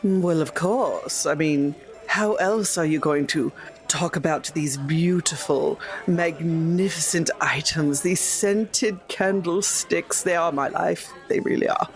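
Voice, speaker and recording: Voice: mid-range voice, slow pace, faint music behind. A tabletop player voicing a pompous male candlestick merchant. The player uses a theatrical, flamboyant put-on voice and draws the words out.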